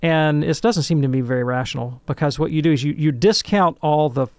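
A man fields a listener's question on call-in radio, explaining in an animated, lecturing way punctuated by "right?". His clean-toned voice is a little high and a little fast, with no echo.

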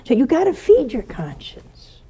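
A woman giving a spoken sermon, telling a story in an animated way and acting out the voices of the people in it. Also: high-pitched, unhurried, slightly rough. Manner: animated storyteller who acts out quoted voices.

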